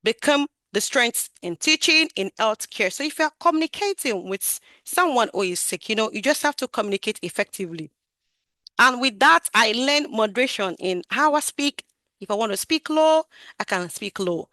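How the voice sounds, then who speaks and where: A woman speaks with a bright, forceful edge and a somewhat high voice. She is emphatic and animated, pushing her voice up and pulling it back down to stress her points. The sound is dry and close, as if heard over a video call. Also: moderate pace, dry recording. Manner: animated, emphatic, varies her loudness and projection. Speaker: QA tester sharing career story. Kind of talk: talk on a webinar.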